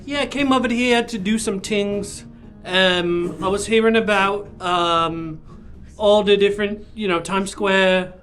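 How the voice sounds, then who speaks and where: A man playing an evasive ex-Amish young man who poses as a Londoner in a comic courtroom improv, with a high voice and soft music under it. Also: a little slow. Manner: evasive and rambling. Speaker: improv defendant.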